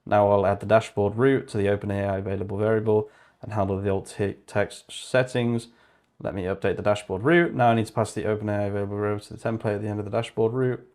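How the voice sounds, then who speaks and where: A young man chatting casually on a livestream while he codes. He swears freely, thinks out loud, and reads code notes aloud in a flat murmur. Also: lowish voice, fast talker.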